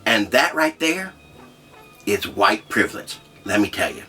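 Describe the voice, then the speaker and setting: An actor playing a crude, rambling trailer park leader who hosts a comedy show, with a profane way of talking. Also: male voice, lowish voice, big pitch swings, unhurried, pushed and bright, faint music behind, full character voice. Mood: scolding. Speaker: comedy show host character. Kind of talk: scripted comedy monologue.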